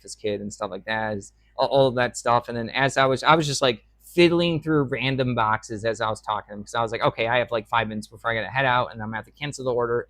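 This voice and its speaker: A man's voice: mid-range voice, fairly bright tone, no echo. Chatty young man rambling, dry close sound. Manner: rambling, chatty, with frequent fillers. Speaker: reseller vlogger. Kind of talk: casual vlog chat.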